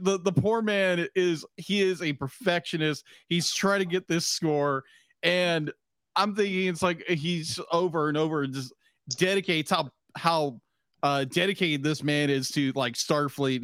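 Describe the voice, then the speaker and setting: A man with a high voice chats casually as a podcast co-host. He rambles, restarts his phrases and breaks into laughter often, recorded dry and close. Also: fairly bright tone, dry recording. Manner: rambling, stumbling over words, laughing often. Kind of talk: casual chat.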